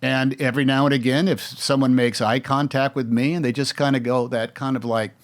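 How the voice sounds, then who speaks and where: A man's voice: medium pitch, level tone, brisk. A man in his sixties with an American accent, telling stories in a casual interview, rambling with restarts and mimicking other voices. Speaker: actor, interview guest.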